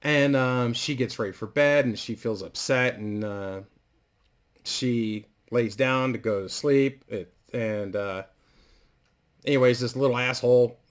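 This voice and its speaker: A man's voice: mid-range voice, a little slow, clean tone. A man casually and crudely rambling through a story idea, full of fillers and restarts. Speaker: vlogger.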